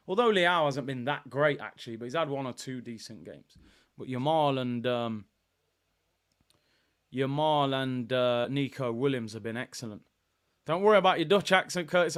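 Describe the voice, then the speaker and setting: Young guy doing a live match watchalong, a bit high voiced, chatty, yells when it gets close. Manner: excitable, shouts during attacks, chats with viewers. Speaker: football watchalong host. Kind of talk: casual live match commentary and chat.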